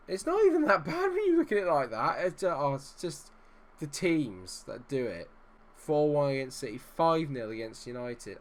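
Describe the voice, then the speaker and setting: A man talks through a football management game as he plays, in an exasperated, self-deprecating ramble. His voice sits at an everyday middle pitch for a man. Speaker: gaming channel host. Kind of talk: live gameplay commentary.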